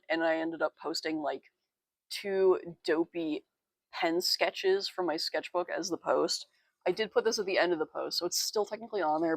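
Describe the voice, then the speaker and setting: A woman's voice: lowish voice, creaky, no room sound. A young woman artist giving a casual sketchbook tour, chatty and self-deprecating, with giggly asides. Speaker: artist showing her sketchbook.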